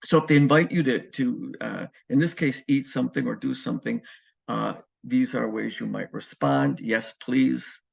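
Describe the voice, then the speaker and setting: A man teaching a Spanish lesson in a relaxed, explanatory way, pausing often with ums and uhs. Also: mid-range voice, gravelly, slightly rough. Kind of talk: recorded classroom lecture. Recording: muffled lo-fi recording.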